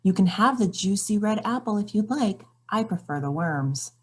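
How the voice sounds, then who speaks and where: Woman voicing a polite hedgehog, courteous, gentle, raised pitch, storybook. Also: lively intonation, normal speed, slightly rough.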